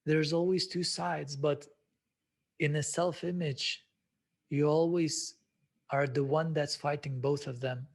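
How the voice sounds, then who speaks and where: A man's voice: on the high side, steady tone, slow pace, creaky. A man hosting a self-development webinar, speaking reflectively with many hesitant filler sounds. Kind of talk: live webinar talk.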